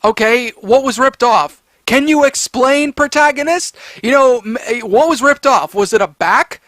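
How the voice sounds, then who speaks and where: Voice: high voice, moderate pace, fairly bright tone, a little hiss or hum. A story reader giving comedic commentary in a rambling, sarcastic way, full of fillers and restarts.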